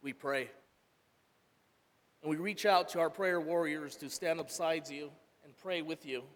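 A man, a father, giving an earnest sermon testimony, rising loud and falling soft. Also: on the high side, unhurried, big-room sound. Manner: earnest, swells loud then drops soft. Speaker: church speaker, father.

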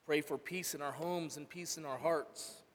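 Earnest male church speaker, slightly high voice, long reverb of a hall. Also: steady tone, moderate pace. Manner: earnest, swells loud then drops soft. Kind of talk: emotional sermon testimony.

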